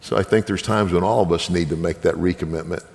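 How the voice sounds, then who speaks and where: A man's voice: low voice, fairly even intonation, quick pace, darkish tone, long reverb tail. A man giving an earnest sermon testimony as a minister, appealing directly to his listeners.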